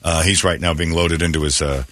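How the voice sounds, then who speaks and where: A man's voice: extremely low pitch, fairly quick, dry recording. A man hosting a morning radio show, joking and telling stories in casual banter. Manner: joking storyteller, animated retelling. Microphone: studio microphone.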